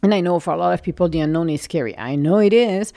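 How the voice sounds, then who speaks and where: A woman in her forties giving an earnest, encouraging spiritual talk, sometimes sinking into a soft whisper. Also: lowish voice, fast, vocal fry, dry recording, clean studio sound. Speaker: spiritual motivational speaker. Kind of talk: inspirational monologue.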